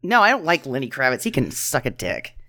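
A woman's voice: rumbling low, very animated, brisk, pushed and bright. A woman co-hosting a podcast, bluntly crude and dismissive in her opinions. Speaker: podcast co-host. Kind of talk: casual bad-movie commentary.

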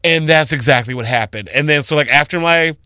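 Male radio guest, bright crisp voice, animated dramatic storyteller, dry studio sound. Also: on the high side, brisk, dry recording. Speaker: retail worker guest.

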